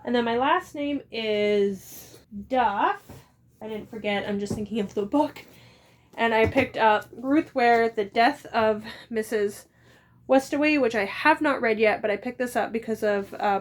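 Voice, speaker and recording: A woman in her thirties chatting casually as a book vlogger, rambling with quick asides. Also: fairly high pitch. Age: 30s. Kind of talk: casual chat.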